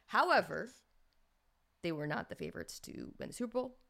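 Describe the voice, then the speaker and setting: A woman's voice: mid-range voice, very animated, a little fast, vocal fry, a bit bright. A woman hosting a sports podcast, chatting casually and thinking aloud with fillers and restarts. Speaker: podcast host.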